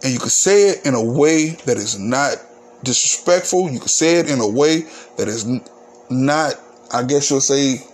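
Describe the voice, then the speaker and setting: A man's voice: medium pitch, animated, moderate pace. Male podcaster, mid-range voice, blunt and profane, venting solo over faint noise. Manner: candid, ranting, profane. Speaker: podcast host. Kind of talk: casual solo podcast monologue.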